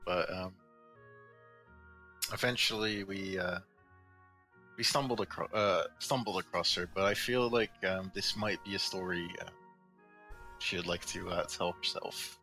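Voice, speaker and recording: A man's voice: low-pitched, a little slow, pauses often, pushed and bright, soft background music, poor audio. A man playing a tabletop game, talking casually and hesitantly with fillers. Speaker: player.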